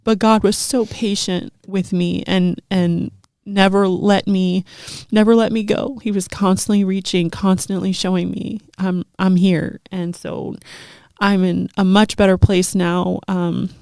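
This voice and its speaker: Earnest woman with a gravelly edge. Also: medium pitch, flat delivery, measured pace, darkish tone, no room sound, studio quality. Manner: earnest storytelling with frequent fillers. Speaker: guest sharing a testimony. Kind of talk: heartfelt personal testimony in conversation.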